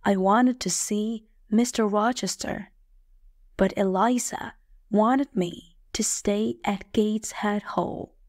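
A woman narrates a story in the first person for English learners. Her delivery is plain and clear, at a very slow pace. The sound is close and dry, with no room around it. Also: mid-range voice, fairly even intonation, a little mellow, no room sound. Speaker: audiobook narrator.

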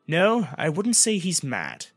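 A man voicing a grave, serious young woman warrior in an audiobook, speaking in a hushed, grim way. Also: a little high, huge pitch swings, slow, breathy edge, dry recording, faint music behind, pitched above the performer's own voice, exaggerated voice.

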